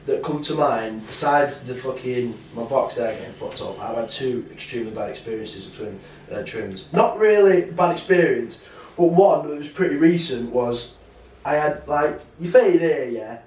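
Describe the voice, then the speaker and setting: A young man co-hosting a podcast tells stories in a casual chat, animated and full of swearing and slang. His voice is medium-pitched at a moderate pace, and the recording sounds roomy, with the mic at a distance.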